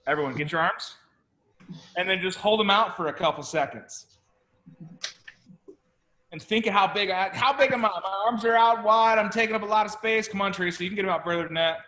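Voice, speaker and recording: Male sales coach, high voice, lively and pushy with the room. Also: fairly quick, pauses often, slight background noise. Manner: animated, coaxing, calls out to the room. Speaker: sales trainer. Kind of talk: energetic group coaching session.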